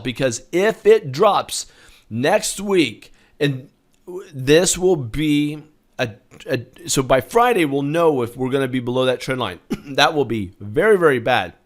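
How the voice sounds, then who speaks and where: A man hosting a market review, talking through charts in a punchy, repetitive way, getting loud on key points and dropping quiet on warnings. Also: on the high side, lively intonation, unhurried. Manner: emphatic, repeats words, swings loud and soft. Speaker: market analyst host. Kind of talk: chart review talk to camera.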